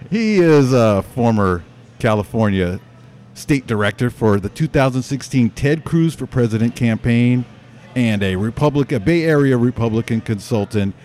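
A male radio show host telling a rambling comic story, restarting and interrupting himself as he goes. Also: mid-range voice. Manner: rambling, animated, self-interrupting.

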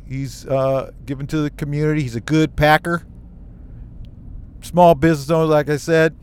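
On his own show, an American man tells a personal story with animated emotion and quick asides. His voice sits on the high side and sounds smooth.

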